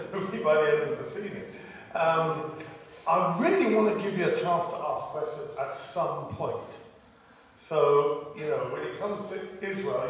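A man from England speaking as a guest at a church, joking with the congregation and praying in a hushed voice. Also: fairly high pitch, slight background noise. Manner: jokey and chatty, then hushed in prayer. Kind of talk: church talk with prayer. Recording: echoey hall from far off.

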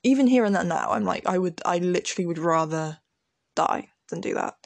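A young woman chats casually and laughs at herself as she talks. Her voice carries a gravelly fry at the ends of phrases. The recording is close and dry, with no room sound. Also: lowish voice, fairly quick, no room sound. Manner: giggly, self-mocking, animated. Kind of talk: casual chat, reading from an old diary.

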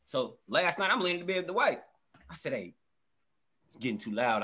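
A high, bright-voiced man hosts a comedy show, swearing freely and acting out his household in animated stories. His delivery is loud and lively. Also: fairly quick, long pauses, slightly rough. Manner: profane, animated storytelling that acts out family members. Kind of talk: stand-up storytelling. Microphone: live stream.

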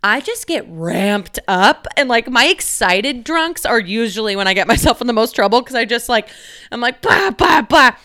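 A young woman chats on her own podcast in a loose, filler-heavy way, swearing freely and giggling through her stories. Her voice is bright and smooth, with a clean, clear tone. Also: on the high side, lively intonation, moderate pace. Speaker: podcast host. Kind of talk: casual solo podcast chat.

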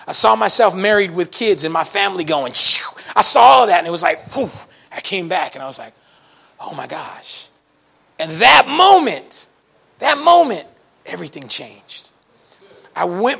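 A man preaching a sermon to a congregation, telling folksy stories in an animated way and breaking into shouts now and then. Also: high-pitched, creaky, husky. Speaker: pastor. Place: church service before a congregation.

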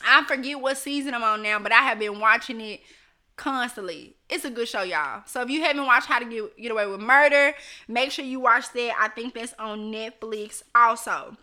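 A woman's voice: a little high, normal speed, bright, forceful tone. A woman hosting a casual live stream, reading viewer comments aloud and chatting directly to her audience with frequent laughs. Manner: chatty, laughs often, talks straight to viewers.

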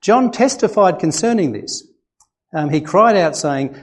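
In a church, a male pastor with an Australian accent preaches a sermon conversationally, packing it with rhetorical questions and animated emphasis. His voice is high and his pace measured.

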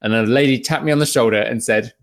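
A man from England with an English accent, hosting a casual podcast chat full of banter and jokes. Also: mid-range voice. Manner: joking, quick banter with laughs. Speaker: podcast host.

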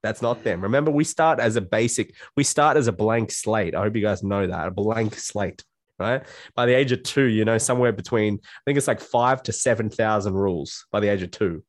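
A man's voice: on the low side, a little fast, dry recording. A man speaking as a guest life coach in a casual podcast conversation, blunt and swearing freely, acting out his own self-talk in quotes.

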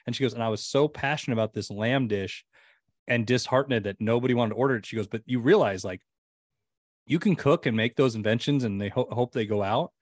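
A man guest on a podcast, chatting casually as an animated storyteller with lots of fillers. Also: medium pitch, brisk, dry recording, clean studio sound.

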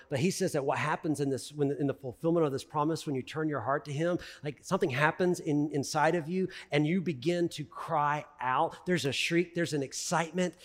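A middle-aged pastor delivers a sermon in a high, lively voice. His preaching swings from loud emphasis to hushed asides. The sound carries a long reverb from a large hall.

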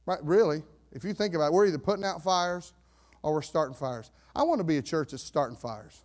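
A man preaching a sermon as pastor, fervent, swinging between fired-up shouts and hushed asides. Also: fairly high pitch, expressive, brisk. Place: church sanctuary.

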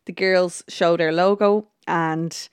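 A woman's voice: lowish voice, steady tone, takes it slowly, clean tone, dry recording, clean studio sound. A woman hosting a podcast, chatting casually through an episode recap with plenty of ums, restarts and quoted lines. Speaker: podcast host.

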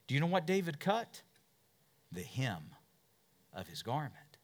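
A man preaching a sermon, telling a Bible story with questions to his listeners and big swings from loud to hushed. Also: mid-range voice, wildly swooping pitch, measured pace. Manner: asks the congregation questions. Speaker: pastor.

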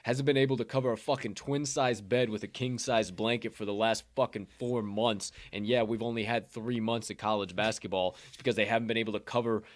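A man's voice: fairly low pitch, steady tone, a little fast, hardly any pauses. Profane, worked-up podcast man. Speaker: sports betting podcast host. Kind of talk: casual chat. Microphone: podcast microphone.

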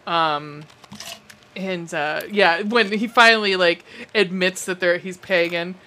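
A woman's voice: fairly low pitch, slow, pushed and bright. A woman co-hosting a podcast, recapping a movie in casual chat, cracking jokes and swearing. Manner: joking, swearing, riffs off the co-host. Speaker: podcast co-host.

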